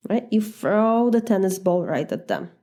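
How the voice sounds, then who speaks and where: A woman's voice: medium pitch, sing-song, a little slow, dark tone. A woman with a Polish accent, coaching listeners in a direct, casual talk and acting out replies. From Poland. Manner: direct, demonstrates replies aloud. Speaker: life coach.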